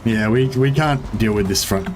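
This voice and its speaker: A man's voice: lowish voice, normal speed, soft background music. Man muttering casual game commentary. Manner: profane, hesitant muttering to himself. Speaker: streamer.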